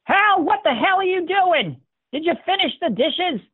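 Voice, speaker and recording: Shrill nagging wife, shrieking from far off, very high-pitched, tinny phone-like sound. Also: male voice, animated, moderate pace. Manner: shrieking, scolding. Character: shrill nagging middle-aged wife upstairs.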